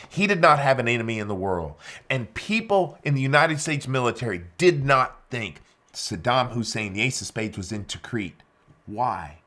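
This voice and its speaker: Low-voiced man telling a dramatic story. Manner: dramatic, swings between loud emphasis and hushed lines; acts out quoted dialogue. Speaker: keynote speaker.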